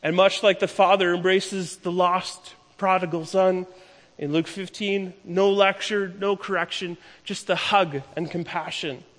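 A man preaching a sermon, retelling a story with emphatic, slowing delivery. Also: sits high, steady tone, fairly bright tone. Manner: storytelling, emphatic, slows down for key lines. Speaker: pastor. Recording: long hall reverb.

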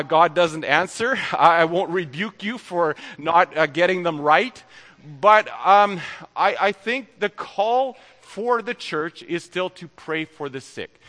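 A man's voice: sits high, bright, forceful tone. A man with a nasal voice preaching an earnest, conversational sermon as pastor in a church, then leading a spoken prayer. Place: church sanctuary. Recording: long reverb of a church hall.

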